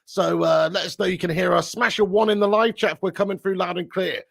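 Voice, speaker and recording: A man's voice: high voice, steady tone, a little fast, gravelly, no room sound, studio quality. A man hosting a live football stream, bantering and teasing viewers in the chat with swearing.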